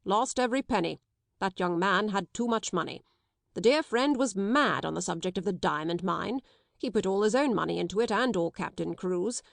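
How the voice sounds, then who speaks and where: A woman's voice: mid-range voice, lively intonation, moderate pace, vocal fry, no echo. A woman reading an audiobook, voicing a dry, brusque middle-aged male solicitor with a clipped, disapproving manner.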